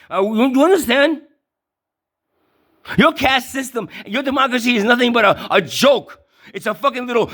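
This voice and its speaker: Man, profane rant, stammers and repeats words, yells at times, fairly high pitch. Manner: stammering repetitions, heavy swearing, yelling. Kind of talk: profane ranting monologue.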